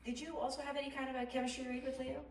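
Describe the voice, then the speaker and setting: A woman's voice: high voice, flat delivery, rapid-fire. A woman moderating a panel Q&A, enthusiastic and chatty. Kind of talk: hosting a panel Q&A. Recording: roomy hall, distant mic, faint noise.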